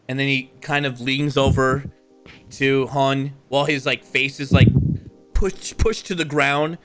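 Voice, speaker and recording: Slow, rambling man narrating a game. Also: mid-range voice, steady tone, fairly bright tone, faint music behind. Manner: rambling, filler-heavy. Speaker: game master. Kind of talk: narrating a tabletop role-playing game.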